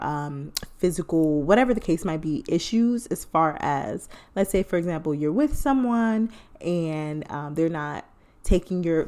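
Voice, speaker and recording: A woman's voice: on the low side, warm tone. Chatty playful woman podcast host. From United States. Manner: playful, chatty, laughing asides. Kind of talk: casual solo podcast talk.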